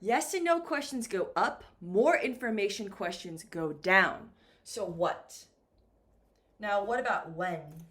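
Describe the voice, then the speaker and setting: A woman teaching English to beginners, speaking slowly and clearly with exaggerated intonation. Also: mid-range voice, lively intonation, fairly bright tone. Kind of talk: slow beginner ESL lesson.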